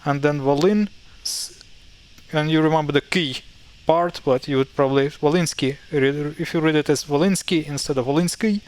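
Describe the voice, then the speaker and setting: Guy, teaching pronunciation, lots of uhs and restarts, kinda high voice. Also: moderate pace, a little mellow. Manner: hesitant, many fillers and self-corrections. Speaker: language teacher. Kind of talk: casual explanatory lesson.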